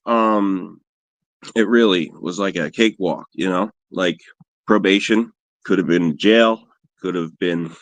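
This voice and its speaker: A man's voice: lowish voice, no room sound. A man hosting a livestream, telling rambling, profane, self-mocking stories and answering viewers in casual chat. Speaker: livestream host.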